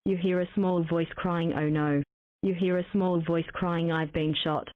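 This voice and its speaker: Game text is read by a synthetic female narrator in a text-to-speech style: flat, mechanical, a touch low, and at a measured pace. Tinny and phone-like, the sound is dry and close-miked, with no room sound at all.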